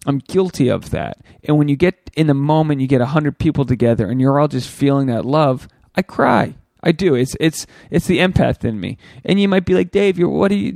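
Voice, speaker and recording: A gravelly-voiced man in his thirties rambles through a solo podcast, crude and loose, with his pitch jumping up when he gets worked up. His voice sits at an average height and has a rough fry to it. The sound is dry and close, with no room around it. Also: dry recording. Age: 30s. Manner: crude, rambling and animated, with loud pitch jumps. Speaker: podcast host.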